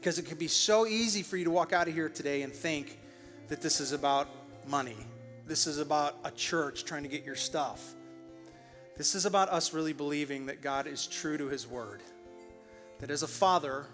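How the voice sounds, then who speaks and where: In a church auditorium with the reverb of a large hall, a male pastor closes his sermon with a childhood story, doing playful voices for the quotes. His voice is a little high and a bit bright.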